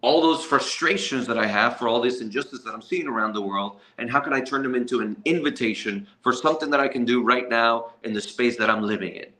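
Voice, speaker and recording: A man's voice: mid-range voice, a little fast, few pauses, sharp tone, roomy sound. A man leading a nonprofit, answering a panel question earnestly and reflectively. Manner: earnest, reflective, thinks aloud with restarts.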